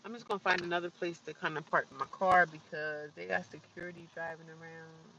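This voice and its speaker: A woman's voice: on the low side, fairly even intonation, a little fast, recorded from a distance, lo-fi sound, background noise. A woman chatting casually on a livestream from her car, rambling and talking straight to her viewers. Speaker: livestreaming vlogger. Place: inside a parked or slowly driving car.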